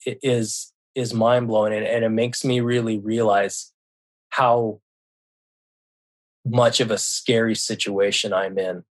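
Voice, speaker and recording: A man from Seattle telling a personal story as a podcast guest, retelling conversations with frequent restarts and occasional swearing. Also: mid-range voice. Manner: emotional retelling with frequent restarts, quotes himself and others; swears when upset. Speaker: podcast guest, left-behind parent.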